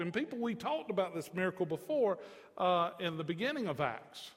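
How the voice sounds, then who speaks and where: A man preaching a sermon in a folksy, joking way, swinging from soft to emphatic. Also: high-pitched, big pitch swings, brisk, big-room sound. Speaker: pastor.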